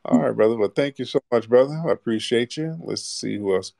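A man's voice: mid-range voice, fairly quick, vocal fry, mellow, no room sound, studio quality. A man hosting a late-night call-in show, talking bluntly in casual slang. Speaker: host. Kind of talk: live call-in radio show.

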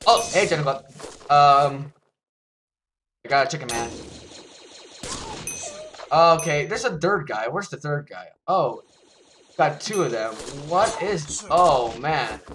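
A man giving live gameplay commentary, excitable, repeating words in bursts and yelping when he gets hit. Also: fairly high pitch, slow pace, pauses often, slight background noise. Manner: yelps and laughs when hit. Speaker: gaming YouTuber.

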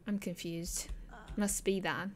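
Slow-talking woman commenting on gameplay. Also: lowish voice, fairly even intonation. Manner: chatty, talks to the game characters, laughs often.

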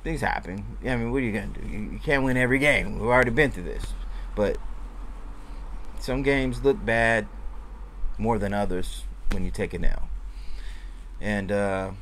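A man giving loose, rambling fan commentary in a casual vlog, moving between deflated and excited. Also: lowish voice, moderate pace, pauses often, a little hiss or hum. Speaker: sports fan vlogger.

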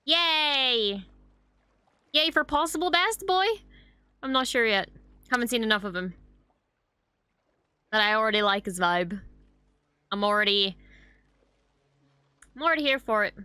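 A woman's voice: on the high side, moderate pace, long pauses, clear, resonant tone, no echo. Gushing young woman reacting to a show. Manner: expressive, swears casually, gushing. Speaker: reaction video host. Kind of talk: casual reaction commentary.

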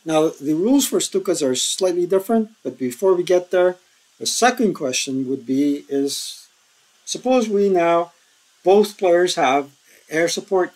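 A man's voice: sits high, animated, measured pace, a little mellow, low-quality recording. A man hosting a board game tutorial, casually explaining rules step by step with frequent ums and uhs.

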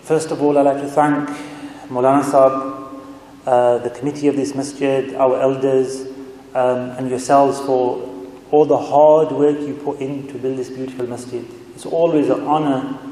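A man giving a sermon as a guest speaker, telling stories in a chatty, animated way in a mosque hall. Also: mid-range voice. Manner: conversational, animated storytelling with asides. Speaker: guest speaker, religious scholar. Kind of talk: sermon with storytelling. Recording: echoey hall reverb.

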